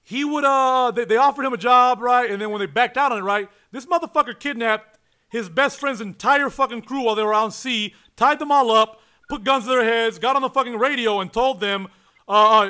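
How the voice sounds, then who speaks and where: A man hosting a casual podcast, swearing freely and telling stories with excitement. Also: extremely high pitch, fairly quick, clear, resonant tone. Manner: profane, excitable storyteller. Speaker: podcast host.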